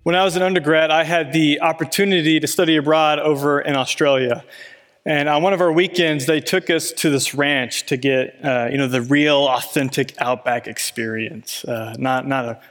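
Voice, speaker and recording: Man, preacher, sermon, slightly high voice, chatty storytelling, "you know" fillers, long hall reverb. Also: fairly even intonation, normal speed, fairly bright tone.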